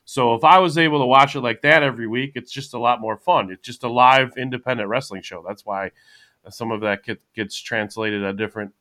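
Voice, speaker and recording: A man's voice: medium pitch, fairly quick, bright, forceful tone. A man hosting a casual podcast chat, rambling and thinking aloud as he talks. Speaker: podcast host.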